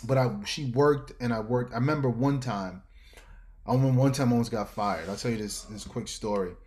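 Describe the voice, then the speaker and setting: A man's voice: medium pitch, fairly quick. A middle-aged man with a New York accent tells stories as an interview guest, loose and slangy. His voice sits in an ordinary middle range. He jumps into other people's voices as he talks. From New York, Harlem. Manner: animated storyteller who acts out voices, slangy. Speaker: guest, fashion designer. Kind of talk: casual storytelling interview.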